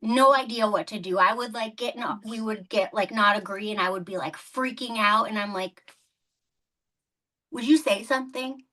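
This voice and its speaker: A woman's voice: mid-range voice, fairly even intonation, brisk, hardly any pauses, pushed and bright. A woman hosting a podcast, chatting casually, laughing often and leaning on fillers. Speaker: podcast host. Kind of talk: casual interview chat.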